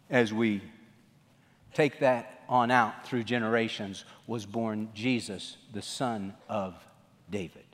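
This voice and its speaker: A male pastor preaching a sermon, swinging from loud outbursts to hushed lines. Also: medium pitch, long reverb tail.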